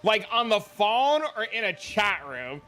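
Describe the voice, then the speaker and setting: A man's voice: high voice, very animated, unhurried, bright, forceful tone, faint music behind. A man streaming a game and telling crude joking stories in casual chat, swearing often.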